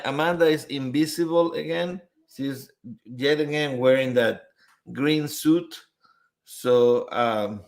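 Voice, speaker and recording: A man hosting a live stream in a casual chat style, greeting viewers one by one and reading out their comments. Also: medium pitch. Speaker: livestream host.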